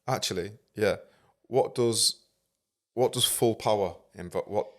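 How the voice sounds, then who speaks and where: A man's voice: on the low side, unhurried, a bit bright. A man with a Manchester accent hosting a podcast in casual chat. He swears freely and laughs easily. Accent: Mancunian. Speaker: podcast host.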